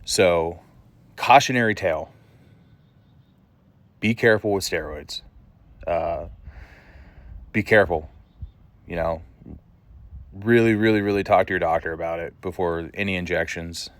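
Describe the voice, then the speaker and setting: A man's voice: deep voice, a little slow, pauses often. A man vlogging to the camera, telling a story in a blunt, casual way and swearing freely.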